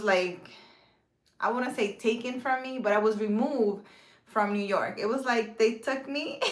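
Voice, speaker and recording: A woman's voice: medium pitch, fairly bright tone, reverberant. A woman talking casually to her viewers about faith, filling her speech with "you know" and "um" and correcting herself as she goes. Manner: conversational, with many fillers and self-corrections. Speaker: spiritual vlogger. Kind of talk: casual spiritual talk to camera.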